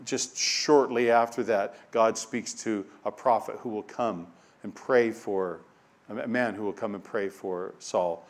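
Guy preaching a sermon, reading bible verses out loud, goes quiet then gets loud and punchy, repeats stuff for emphasis. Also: on the low side, fairly even intonation, unhurried. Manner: dynamic preaching, swinging from hushed to loud and emphatic; reads scripture aloud, repeating key phrases.

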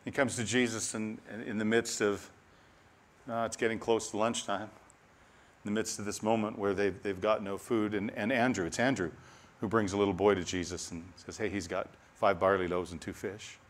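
Animated male preacher with a hush. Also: on the low side, moderate pace. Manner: animated, laughing asides, softening to a hush on key lines. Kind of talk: sermon.

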